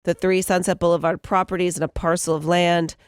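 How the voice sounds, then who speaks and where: A woman co-hosting a morning radio show, reading entertainment news and telling stories briskly. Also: lowish voice, little pitch movement, clear, resonant tone, no room sound, clean studio sound. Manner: brisk storytelling, bright laughs.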